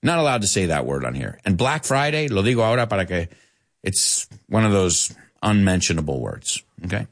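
A man's voice: low-pitched, fairly quick. A man teaching English in a live lesson, reading out viewer comments and correcting them with a laugh. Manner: animated, laughing, switching between English and Spanish to explain.

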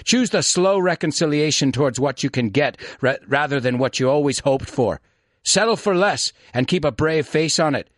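A man's voice: fairly high pitch, animated, moderate pace, no echo, studio quality, close to an everyday voice. A man putting on a bitter Scottish ranter. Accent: put-on Scottish. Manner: rhythmic, scornful list-like delivery. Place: studio.

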